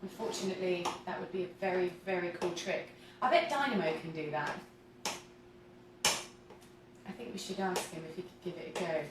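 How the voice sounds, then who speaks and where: A woman in her thirties with a fairly low voice talks quickly while hosting a casual home cooking livestream from her kitchen. She chats, giggles and reads viewer comments aloud as she bakes. A distant camera mic picks up a roomy sound and background noise.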